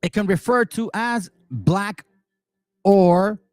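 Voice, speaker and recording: A man's voice: high-pitched, slow pace, darkish tone, no room sound. A man giving heated commentary and reading passages aloud, angry and emphatic, repeating words for stress. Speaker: commentary host.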